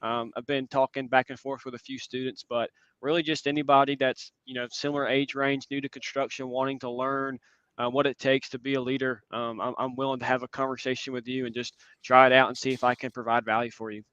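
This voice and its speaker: A man in his twenties giving an earnest, reflective conference talk and answering questions, often pausing with "um". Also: mid-range voice, level tone, fairly bright tone, clean tone, dry recording. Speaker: conference speaker. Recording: dull lo-fi sound.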